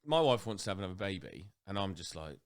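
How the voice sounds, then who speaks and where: Young man, low voice, very lively pitch, blunt sweary podcast banter. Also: fast. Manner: blunt and sweary, jumps to high-pitched impressions. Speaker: podcast co-host. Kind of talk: casual chat.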